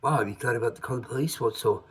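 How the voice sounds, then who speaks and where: A man imitating a concerned, folksy middle-aged radio host who asks gentle, fretting questions. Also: medium pitch, racing, slightly rough, voice pushed up.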